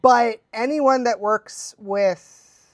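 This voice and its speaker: A woman, a dog trainer chatting casually on a livestream Q&A. She laughs often and acts out quotes in high, playful voices. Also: extremely slow, dry recording.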